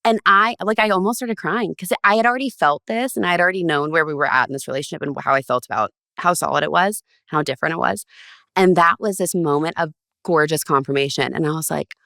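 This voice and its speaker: Animated woman guest, low voice, dry close mic, storytelling. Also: fast, vocal fry, dry recording. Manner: animated, acts out quotes with big pitch jumps. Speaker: podcast guest. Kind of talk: casual storytelling.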